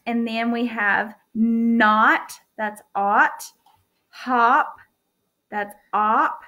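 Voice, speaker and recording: A woman teacher giving a remote phonics lesson from home, speaking clearly and encouragingly to her students. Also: fairly high pitch, steady tone, extremely slow, sharp tone, muffled recording. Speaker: elementary school teacher.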